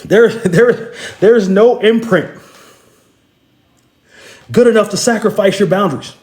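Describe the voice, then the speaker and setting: A man delivers a motivational talk with a preacher's insistence, speaking straight to his listeners. His voice sits fairly high for a man. He hammers phrases again and again, tripping into stammered restarts, and the room around him rings with echo. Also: unhurried, darkish tone. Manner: addresses listeners directly and bluntly.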